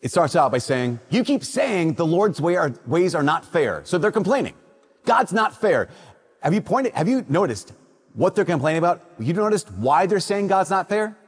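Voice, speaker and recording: A man from Minnesota gives a Gospel reading and a casual, story-driven sermon. His voice sits a little high for a man and has a husky edge. A long reverb from the large church trails each phrase. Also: very animated, normal speed. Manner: conversational, acts out quoted voices. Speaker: priest.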